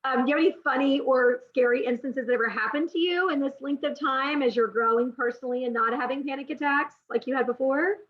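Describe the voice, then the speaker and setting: A woman's voice: high-pitched, quick pace, few pauses, a little hiss or hum. A woman hosting an interview, asking long rambling questions full of fillers. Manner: rambling, many fillers while framing questions. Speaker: interview host. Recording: dull lo-fi audio.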